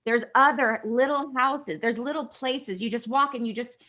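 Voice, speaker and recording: A middle-aged woman from California, a guest actress, chatting casually and telling stories in an animated way, acting out quoted dialogue. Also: fairly high pitch, moderate pace. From California, USA. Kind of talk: casual interview storytelling.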